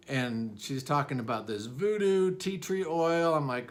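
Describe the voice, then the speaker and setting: A man's voice: on the high side, expressive, unhurried, hardly any pauses. A dentist in his forties telling a personal story about his student days, candid and self-deprecating, with lots of fillers and restarts.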